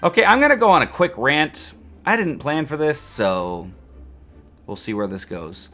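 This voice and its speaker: A man gives a casual statistics lesson, chatty and self-mocking, with a lively, swinging pitch. His voice sounds bright and forward. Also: moderate pace, soft background music. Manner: chatty and joking, with rants and self-mocking asides. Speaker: statistics instructor. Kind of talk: casual video lecture.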